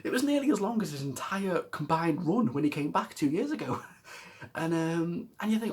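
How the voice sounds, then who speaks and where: A man's voice: a little high, lively intonation, normal speed. A man rambling through a casual wrestling reaction vlog, exasperated, swearing and laughing often. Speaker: wrestling vlogger.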